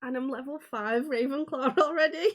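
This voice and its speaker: A woman's voice: high-pitched, normal speed. A woman co-hosting a podcast in casual banter, giggly and easily amused. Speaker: guest co-host.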